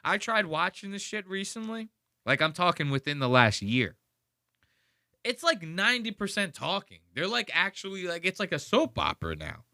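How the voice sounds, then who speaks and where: A podcast host delivers a profane, mocking rant about a clip he is playing. His voice is bright and forceful. The sound is dry and close, with little room in it. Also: sits high, wildly swooping pitch, moderate pace, no echo. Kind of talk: casual commentary on a played clip.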